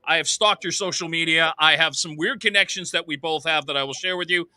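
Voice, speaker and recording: A man's voice: fairly high pitch, bright, forceful tone. A man hosting a podcast, eagerly asking his guest questions in a casual, upbeat way. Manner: eager, quick, upbeat interviewer. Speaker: podcast host. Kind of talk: casual interview.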